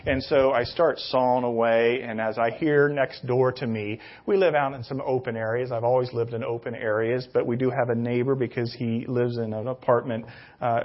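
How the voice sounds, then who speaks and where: A middle-aged man preaching a sermon, telling rambling, self-deprecating personal stories that grow loud and excited in the retelling. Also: medium pitch, muffled recording. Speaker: pastor.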